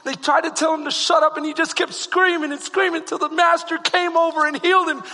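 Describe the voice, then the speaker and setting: A male pastor preaching a sermon and telling a personal story, moving from hushed retelling to fervent shouting. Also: very high-pitched, level tone, a little fast. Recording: long hall reverb.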